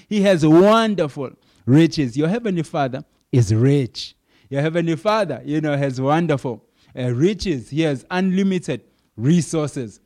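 Earnest man preaching, slightly high voice. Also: a little mellow. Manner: earnest, repeats key phrases with emphasis, some fillers. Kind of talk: sermon.

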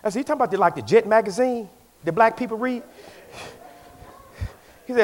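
A man preaching a sermon as pastor in a church, swinging between shouted lines and hushed asides. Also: high-pitched, brisk.

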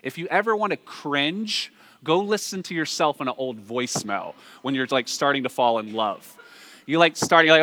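A man's voice: on the high side, sing-song, moderate pace, sharp tone, no room sound. A man with a Southern US accent preaching a sermon in a conversational way, asking the listeners rhetorical questions.

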